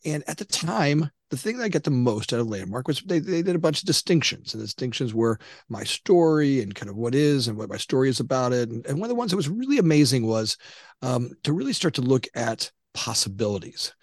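A man's voice: medium pitch, sing-song, fairly quick, no room sound. Rambling man in his fifties, dry sound. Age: 50s. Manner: rambling, many restarts and "you know"s. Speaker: guest entrepreneur. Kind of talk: conversational interview storytelling.

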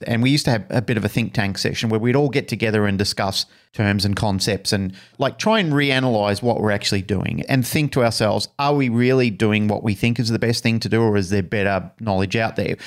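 Male podcast co-host, lower voice, reflective, acts out the people he quotes. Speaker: podcast co-host, dog trainer. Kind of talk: casual conversational podcast chat.

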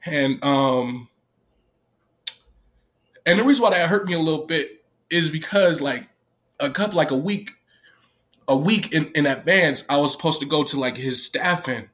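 A man's voice: on the high side, expressive, normal speed, long pauses, a bit bright. Tearful man, rambling and swearing. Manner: rambling, peppered with "like" and "right?", swears freely. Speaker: vlogger telling a personal story. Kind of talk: casual emotional storytelling to camera.

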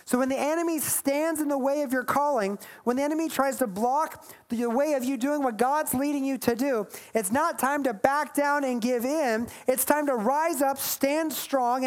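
Emphatic woman preaching a sermon. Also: high voice. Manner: emphatic, playful asides, reads scripture aloud.

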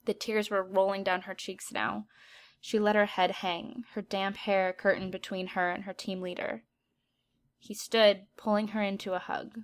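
A woman narrating a story aloud in an even, steady storytelling manner. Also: medium pitch, moderate pace.

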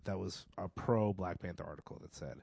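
A man co-hosting a podcast in casual chat, dry and teasing with deadpan jokes. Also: deep voice, a little fast, creaky, breathy edge, dry recording. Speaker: podcast co-host.

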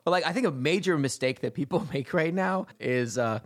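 A man talking casually about comedy with other comics, animated and repeating himself as he tells jokes. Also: fairly high pitch, fairly quick. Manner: animated, repeats words, puts on voices in jokes. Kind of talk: casual chat.

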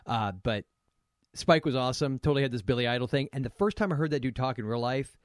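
A man's voice: medium pitch, animated, dry recording, clean studio sound. A man co-hosting a podcast, teasing his co-host and laughing often in casual banter. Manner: joking, teasing, quick to laugh.

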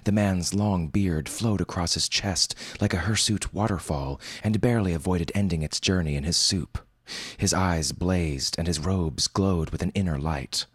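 A man's voice: low voice, moderate pace, breathy edge, dry recording, studio quality. A man narrating a humorous fantasy story in a wry, formal storytelling manner. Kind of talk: scripted fiction narration.

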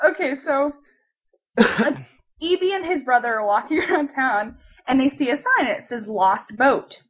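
A woman's voice: sits high, expressive, normal speed, a bit bright, poor audio. A young woman telling a funny story in casual chat, giggling often and full of fillers.

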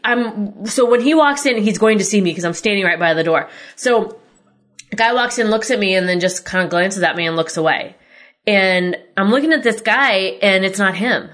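A woman's voice: medium pitch, lively intonation, moderate pace, fairly bright tone. A woman hosting a podcast, telling a personal story in a candid, exasperated way and swearing freely. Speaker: podcast host.

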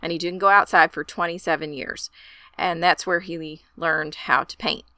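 A woman's voice: deep voice, fairly even intonation, normal speed, creaky, bright, forceful tone, no room sound. A woman co-hosting a casual chat, talking in a chatty, enthusiastic way. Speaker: podcast co-host.

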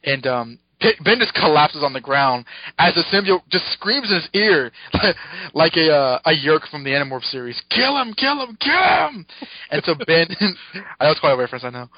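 Excited man recapping comics, dull mic. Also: on the high side, dry recording. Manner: excited, laughs often, acts out quotes. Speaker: podcast co-host. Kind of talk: casual chat, recapping a comic.

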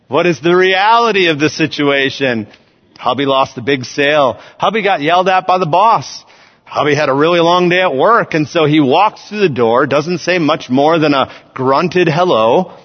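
Playful preacher in an echoing church hall. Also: male voice, fairly high pitch. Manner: playful storytelling, acting out scenes. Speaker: student ministries pastor. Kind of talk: sermon. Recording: dull sound with long hall reverb.

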